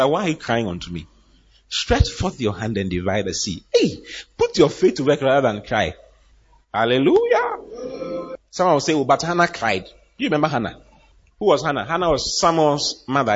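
A man preaching with a lively, swooping delivery, acting out the people in his Bible stories. His voice is husky and slightly high, and the recording sounds dull and lo-fi. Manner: animated preaching, acting out Bible characters and laughing. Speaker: pastor. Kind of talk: sermon.

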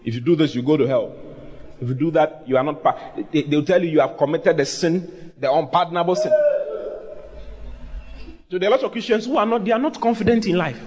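A man's voice: a little high, fairly quick, long pauses. A pastor preaching a sermon, asking his listeners questions and acting out quoted voices. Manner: animated preaching with acted quotes, asks the congregation questions.

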